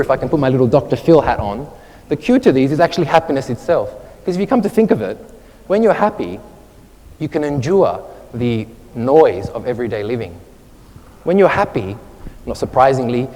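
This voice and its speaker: A man giving a public talk to an audience, telling stories in an expressive, animated way. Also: medium pitch. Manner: expressive storyteller, animated, with asides. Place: hall with an audience. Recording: long reverb of a hall.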